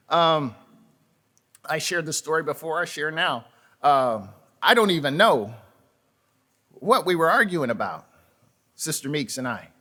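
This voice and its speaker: A man's voice: fairly high pitch, lively intonation, measured pace, pauses often, sharp tone. A man preaching a sermon as pastor, telling folksy stories with asides to the congregation, often repeating words and restarting. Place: church sanctuary.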